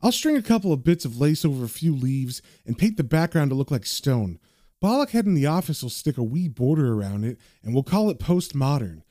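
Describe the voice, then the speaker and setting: A man's voice: mid-range voice, very animated, fairly quick, warm tone, dry recording, studio quality, lightly acted. A man reading a cheeky woman's banter. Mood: teasing. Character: teasing working-class woman artist.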